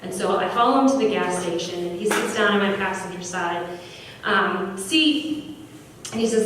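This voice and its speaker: A woman founder giving an earnest, animated storytelling speech at an opening event. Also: mid-range voice, moderate pace. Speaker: business founder. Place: large echoey venue at an opening event. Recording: echoey room from far off, faint noise.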